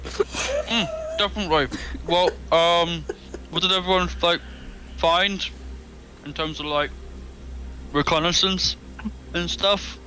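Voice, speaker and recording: A man's voice: high-pitched, very animated, takes it slowly, pauses often, bright, forceful tone, poor audio. A man playing in a tabletop game, talking casually and hesitantly, often asking questions. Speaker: player.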